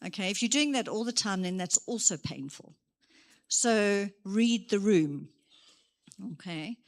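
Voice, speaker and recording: A woman giving a motivational career day talk in a church hall, lively and full of acted examples. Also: medium pitch, unhurried. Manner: lively, gives acted examples, moves around.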